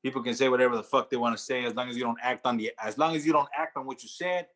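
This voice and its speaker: A man's voice: medium pitch, very fast, a bit bright. A man co-hosting a radio talk show, blunt and swearing freely as he rambles through his opinions. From Mexican-American. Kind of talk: casual podcast chat. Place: radio studio.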